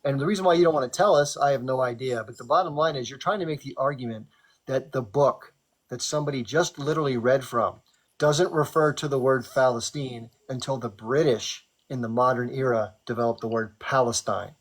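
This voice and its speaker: A man's voice: medium pitch, fairly quick. A man hosting a live stream debate, firmly cutting in to keep order. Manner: firm, cuts in to keep order. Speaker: live stream host and moderator.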